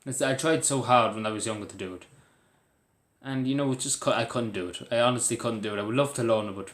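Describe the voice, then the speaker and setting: A man's voice: medium pitch, fast talker, a bit bright, roomy sound. A man with an Irish accent talking earnestly to camera in a rambling, casual way, full of fillers and restarts. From Ireland. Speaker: vlogger.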